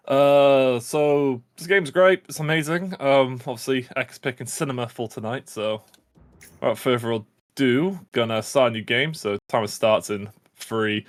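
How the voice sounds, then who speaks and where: A man giving casual live commentary while speedrunning a game, jokey and upbeat. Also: mid-range voice. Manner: jokey, upbeat, self-aware.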